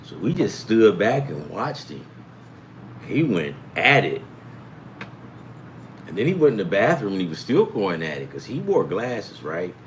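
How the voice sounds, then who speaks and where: A man's voice: lowish voice, big pitch swings, unhurried, pauses often, a little hiss or hum, rough recording. A middle-aged man hosting a sports betting talk, rambling and profane, jumping from topic to topic. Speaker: sports betting show host. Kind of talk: rambling casual chat.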